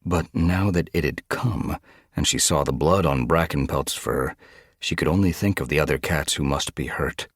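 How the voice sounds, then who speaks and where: A man narrating an animal adventure audiobook in an expressive storytelling manner. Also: rumbling low, moderate pace, no echo, clean studio sound. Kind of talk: scripted narration.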